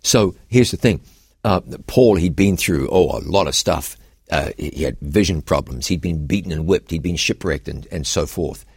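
A man's voice: low voice, animated, moderate pace, slightly rough, no echo, studio quality. A man, a pastor co-hosting a Bible question show, who explains scripture with an earnest preaching cadence. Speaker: pastor and co-host. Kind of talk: Bible Q&A discussion.

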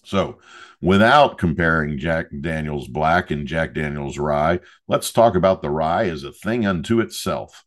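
A man's voice: a bass voice, expressive, unhurried. A man hosting a podcast, talking casually and joking with loose asides as he reviews a drink. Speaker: podcast host.

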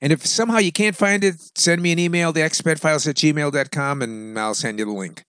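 A man's voice: on the high side, a little fast, a bit bright, clean tone, dry recording, studio quality. A man hosting a radio show, delivering an opinionated, sarcastic monologue full of wisecracks.

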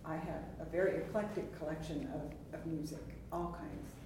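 A woman interviewing a guest, relaxed and curious in a casual chat. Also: low-pitched, moderate pace, noisy background. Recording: roomy, with a crowd behind.

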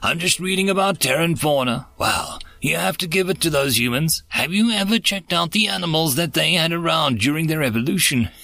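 A man's voice: fairly high pitch, expressive, a little fast, gravelly, hardly any pauses, bright, forceful tone, no room sound, soft background music, pitched above the performer's own voice, exaggerated voice. A man doing a gleeful alien pilot. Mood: amused. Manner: gleeful, gossipy storytelling. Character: amused male alien starship pilot.

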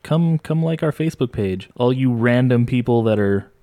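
Excitable swearing man in his thirties. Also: mid-range voice, moderate pace. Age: 30s. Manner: laughs often, swears freely, excitable. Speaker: podcast co-host. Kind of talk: casual chat.

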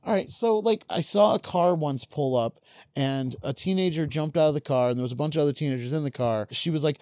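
A man's voice: a little high, lively intonation, fast talker, a little mellow, no echo, clean studio sound. A man co-hosting a comedy podcast in casual chat, ranting in a mock-earnest, opinionated way. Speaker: podcast co-host.

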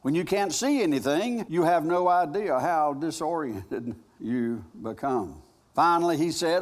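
Guy preaching a sermon, kinda high voice, tells it like a story, gets loud then real quiet. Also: expressive, normal speed. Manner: dramatic storytelling with big swings in loudness. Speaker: pastor. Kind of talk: sermon with a retold personal story.

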